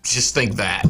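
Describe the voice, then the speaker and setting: A male podcast host with a very lively voice that leaps up and down in pitch. He chats casually, teasing and joking with his co-hosts. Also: a little hiss or hum.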